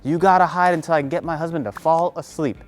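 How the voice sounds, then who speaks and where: Woman speaking as a kind, hurried giantess. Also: low-pitched, steady tone, soft background music, close to an everyday voice. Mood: urgent.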